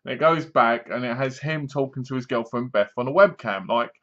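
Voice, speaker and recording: A man's voice: medium pitch, a little fast, a bit bright. A man casually reviewing a film to his webcam, retelling the plot in a rambling way and laughing at the jokes. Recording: dull lo-fi webcam audio.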